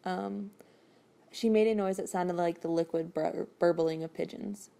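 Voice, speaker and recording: Brief: chatty woman podcast host, rambling recap, low and mellow. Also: fairly even intonation, a little slow, creaky. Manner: chatty, rambling, with frequent fillers and laughs. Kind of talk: casual chat.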